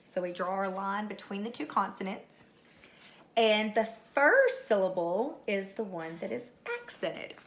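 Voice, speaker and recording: Middle-aged woman teacher, bright tone, unhurried, patient dictation of spelling words. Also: mid-range voice, expressive. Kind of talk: recorded spelling lesson. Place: home.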